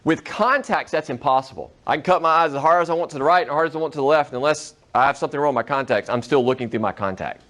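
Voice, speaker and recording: Conversational male teacher, fairly high voice. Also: rapid-fire, few pauses, a bit bright. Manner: conversational, checks in with students often. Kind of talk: classroom lecture. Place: classroom.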